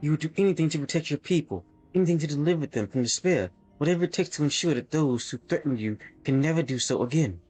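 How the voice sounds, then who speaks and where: A man's voice: fairly high pitch, expressive, a little mellow, faint music behind. An actor playing a solemn male hero earnestly pleading for peace in a video game cutscene. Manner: earnest, measured plea.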